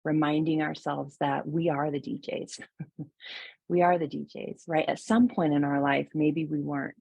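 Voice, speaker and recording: A middle-aged woman giving a gentle, reflective mindfulness talk, with soft laughs and fillers. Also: low voice, fairly even intonation, normal speed, gravelly, husky, no room sound, dull audio. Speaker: mindfulness teacher.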